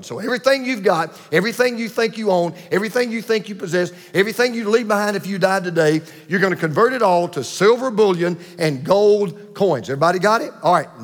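A man preaching a sermon with emphatic repetition and dramatic pauses. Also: high voice, long reverb tail. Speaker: pastor.

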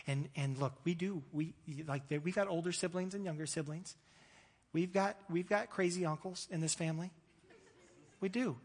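Male pastor, thirties, high voice, casual sermon delivery with jokes and restarts, long church-hall reverb. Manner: conversational, self-deprecating humor with frequent restarts.

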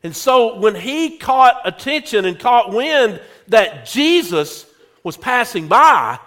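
A male pastor preaching a sermon, telling a story slowly and speaking directly to his congregation. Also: very high voice, sing-song, fairly bright tone. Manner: slow, drawn-out storytelling, addressing the congregation directly.

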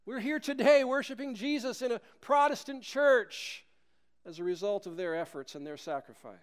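A man's voice: very high-pitched, expressive, moderate pace. A male pastor preaching a sermon, emphatic and asking the listeners rhetorical questions.

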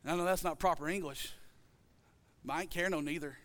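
A man's voice: on the high side, brisk, a little hiss or hum. A man preaching a sermon in a country church, working up to a chanting call-and-response. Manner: rising chant-like call and response, builds to shouting.

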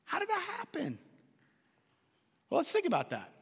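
A pastor with a very high, creaky voice preaches a sermon at normal speed, his pitch swooping wildly. He talks conversationally, repeating words and putting questions to the congregation, and the large church gives the recording a long reverb.

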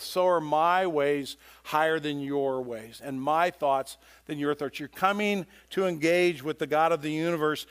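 A man with a high voice preaches a sermon to his congregation. He speaks earnestly and grows more forceful when he reads scripture aloud. He often repeats words as he gathers his thoughts. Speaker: pastor.

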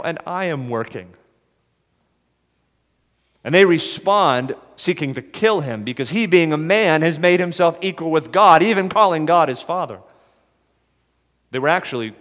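A man's voice: fairly high pitch, a bit bright. Preaching man in a reverberant hall. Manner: earnest, measured expository preaching. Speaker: pastor. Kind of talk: sermon.

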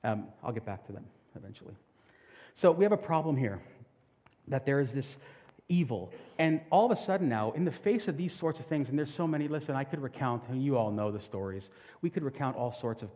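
Man preaching in an echoing hall. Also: fairly high pitch. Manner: earnest preaching, rising to loud emphatic peaks. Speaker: pastor. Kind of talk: sermon. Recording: dull sound with long hall reverb.

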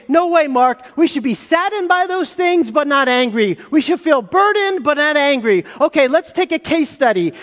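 High-voiced pastor preaching in a reverberant hall. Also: male voice. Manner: emphatic, rhetorical questions, slows for key phrases. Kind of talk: sermon. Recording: long reverb of a large hall.

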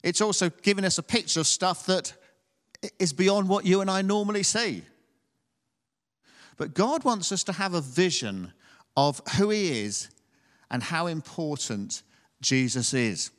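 Preacher with a higher voice in a reverberant hall. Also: male voice, animated, a little slow, pauses often. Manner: conversational, asks the congregation tag questions. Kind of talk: sermon.

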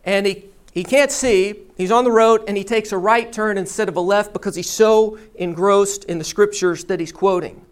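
A pastor preaching a sermon, telling a story and teaching in a deliberate storytelling manner. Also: mid-range voice, clean tone.

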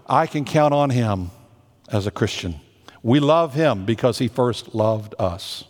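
A man's voice: mid-range voice, lively intonation, normal speed. A man preaching a sermon as a senior pastor, earnest and emphatic, drawing out the words he stresses. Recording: long hall reverb.

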